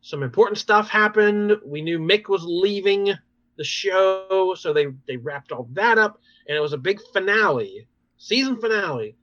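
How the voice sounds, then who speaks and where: Podcast guy with a bright, tense voice, a bit high, rambling on about episodes, dry dull lo-fi sound. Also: moderate pace, no echo. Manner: animated, rambling recaps with many fillers and laughs. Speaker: podcast host. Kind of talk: casual chat recapping TV episodes.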